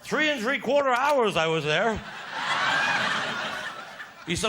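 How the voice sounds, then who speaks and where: A man's voice: high voice, very animated, slow pace, heavy background noise. A man with a Cornish accent telling bawdy stand-up stories in a broad, yarn-spinning way. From Cornwall. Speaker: stand-up comedian. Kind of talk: stand-up storytelling.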